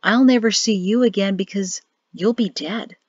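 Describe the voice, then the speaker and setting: A woman doing a grave, quiet young man, calm warnings, dull lo-fi sound. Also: normal speed, no echo, lightly acted. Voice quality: soft, low and hushed. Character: grim quiet young man, cryptic brother. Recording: dull lo-fi dry audio.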